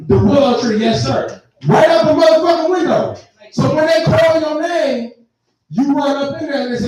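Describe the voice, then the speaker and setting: In this live comedy venue, a Texan man in his twenties works through a profane stand-up set, laughing at his own stories as he tells them. His voice is very high-pitched and moves at a normal speed over music. The far mic picks up an echoey room and audience reactions from the crowd.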